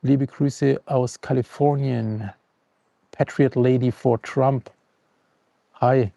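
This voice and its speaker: A man hosting a live stream from outdoors, calm and unhurried as he greets viewers and reads the news. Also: mid-range voice, gravelly, dry recording. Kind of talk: casual live stream chat and news reading. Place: outdoors at a forest camp on the coast.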